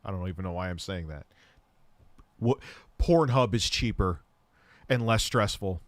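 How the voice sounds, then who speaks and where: Casting: man in his thirties, lowish voice, dry close mic, candid rambling livestream host. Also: measured pace, no room sound. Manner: candid, rambling, self-deprecating storytelling. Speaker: livestream host answering chat questions. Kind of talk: casual livestream chat.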